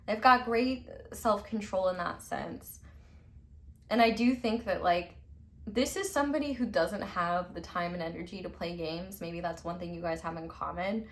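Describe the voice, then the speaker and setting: A woman's voice: fairly low pitch, unhurried, pauses often. A woman giving a casual pick-a-card tarot reading, chatty and emphatic, peppering her talk with "like", casual swearing and frequent laughter. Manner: laughs often between remarks. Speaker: tarot reader.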